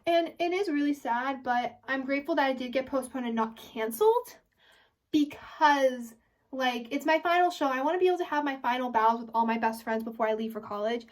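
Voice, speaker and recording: A young woman of about eighteen, a high school senior, chatting casually to her viewers, rambling and restarting her sentences. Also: a little fast, distant mic. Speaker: vlogger. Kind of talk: casual chat to camera.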